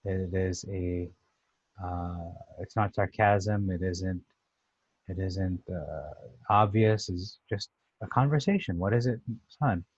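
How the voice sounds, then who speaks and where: A man with a somewhat low voice talks through a scripture passage in a relaxed, conversational way. He pauses and restarts often with "uh" as he thinks aloud. The recording is dull and lo-fi, with a dry sound and no room echo. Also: husky. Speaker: Bible teacher. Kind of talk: casual scripture commentary.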